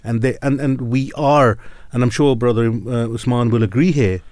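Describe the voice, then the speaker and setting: A man's voice: mid-range voice, normal speed, a little mellow, no room sound. Direct male panel host. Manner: direct, emphatic questioner. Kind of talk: moderating a panel discussion.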